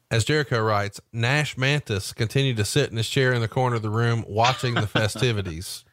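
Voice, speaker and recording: Lively storytelling podcast host, man. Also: medium pitch, no room sound, clean studio sound. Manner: animated storyteller, asks questions. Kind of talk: casual storytelling chat.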